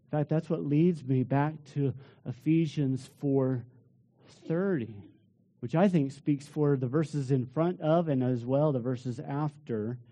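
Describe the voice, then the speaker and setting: Preacher man with a high, mellow voice. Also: slow. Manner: acts out little scenes in different voices, swings from hushed to loud. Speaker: pastor. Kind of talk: sermon.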